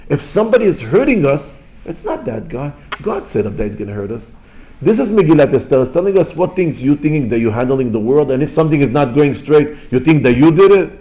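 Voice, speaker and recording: A rabbi giving an informal Torah lesson in English, mixing in terms and telling stories, jumping between loud exclamations and quiet asides. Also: male voice, fairly high pitch, big pitch swings, fairly quick. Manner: non-native English with Hebrew terms. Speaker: rabbi teaching.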